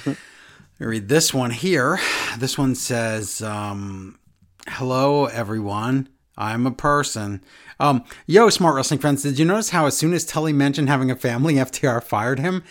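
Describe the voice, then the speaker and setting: A man's voice: medium pitch, animated, moderate pace. A man co-hosting a casual podcast, reading listener emails aloud and breaking in with joking asides. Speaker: podcast co-host.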